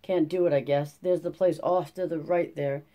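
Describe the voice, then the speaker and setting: A reader voicing a worn-down older farmhand, gruff and bitter, who talks in a slow folksy drawl. The tone stays mellow and warm in this audiobook reading. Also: mid-range voice, steady tone, close to an everyday voice. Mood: resigned. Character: weary older male migrant farmworker.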